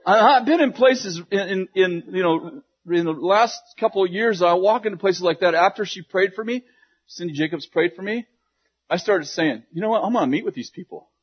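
Male preacher, husky, slightly high voice, animated storyteller, dull lo-fi sound. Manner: animated, laughing storyteller with quick asides. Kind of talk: sermon storytelling to a congregation.

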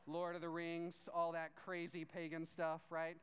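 A man's voice: a little high, monotone, a little slow, smooth. A young man preaching a casual sermon, telling stories with quoted voices and tagging sentences with "right?". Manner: storytelling with quoted voices, frequent "right?" tag questions. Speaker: pastor. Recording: long hall reverb.

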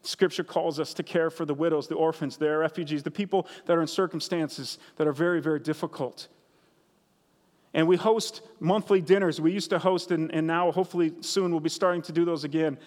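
High-voiced man preaching in a reverberant hall. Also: steady tone, fairly quick, darkish tone. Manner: earnest, conversational preaching with repeated phrases. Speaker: pastor. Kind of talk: sermon.

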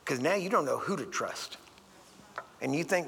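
A man's voice: fairly high pitch, expressive, moderate pace, gravelly, pauses often, fairly bright tone. A man preaching a sermon in a church, telling folksy stories and acting out the voices of the people in them. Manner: folksy storytelling, acts out voices. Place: church sanctuary. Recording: long hall reverb.

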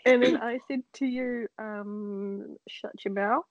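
A woman's voice: fairly high pitch, fairly even intonation, slow pace, no room sound. Young woman joking loosely, dull recording. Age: young adult. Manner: laughing, teasing, swears freely. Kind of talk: casual chat.

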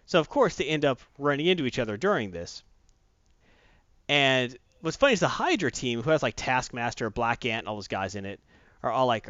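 A man chats through a comic book recap in a loose, rambling way. He keeps jumping into little acted-out lines as he goes. His mid-pitched voice comes through a dull, lo-fi recording with a dry sound. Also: a little fast, no room sound. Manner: rambling, animated storyteller who acts out quotes. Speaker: comic book podcast host. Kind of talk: casual comic recap chat.

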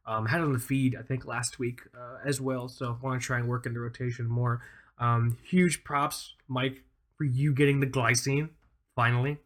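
A man's voice: medium pitch, little pitch movement, normal speed, fairly bright tone. A man in his thirties co-hosting a casual podcast, rambling enthusiastically with lots of fillers. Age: 30s. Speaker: podcast co-host.

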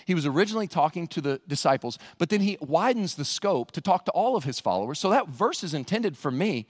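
A man preaching a sermon as a pastor, animated and jokey, now and then bursting into loud shouts. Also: a little high, fairly quick, few pauses, big-room sound. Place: church sanctuary.

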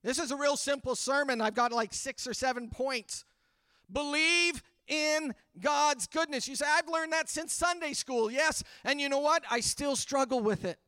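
High, bright-voiced fervent man preaching. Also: normal speed, no echo, studio quality. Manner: earnest, building fervor with repeated refrains. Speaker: pastor. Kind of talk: sermon. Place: church livestream during pandemic.

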